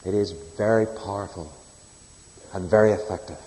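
A man preaching a sermon, telling stories earnestly, swinging between loud emphasis and a soft hush. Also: sits low, moderate pace. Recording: long hall reverb.

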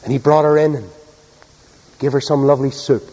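A man's voice: medium pitch, fairly even intonation, brisk, mellow. A man preaching, telling a story in a homely, earnest way. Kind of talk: sermon storytelling. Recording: echoey hall.

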